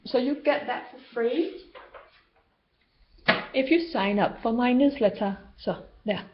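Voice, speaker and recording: A woman's voice: on the high side, slow pace, background noise. A woman vlogger talking unscripted to camera about spiritual healing, rambling and loosely structured. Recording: dull lo-fi home video sound.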